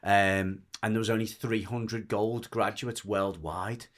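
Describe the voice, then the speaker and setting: A man from the UK, a dog trainer guesting on a podcast, telling a story in rambling, animated casual chat full of restarts. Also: on the low side, unhurried. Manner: rambling and animated, with frequent restarts and lively mimicry of others.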